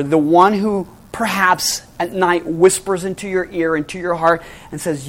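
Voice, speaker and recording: Dramatic preacher dropping to hushed emphasis. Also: mid-range voice, fairly even intonation. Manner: dramatic, with sudden drops to hushed emphasis and slowed key phrases; asks the audience rhetorical questions. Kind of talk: sermon.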